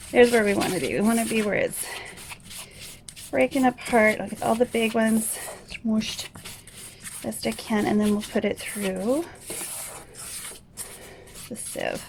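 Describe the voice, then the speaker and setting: A woman with a fairly high voice and a gravelly edge talks viewers through a craft tutorial in a hushed, half-whispered way, since the rest of her home is asleep. Her tone is chatty and easygoing, full of little asides. The recording has steady background noise and clicks. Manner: hushed, half-whispered while others sleep. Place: home at night.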